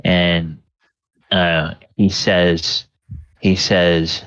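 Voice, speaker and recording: A man narrating a tabletop game as dungeon master, halting and full of filler words. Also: deep voice, steady tone, a bit bright, no room sound. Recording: dull lo-fi sound.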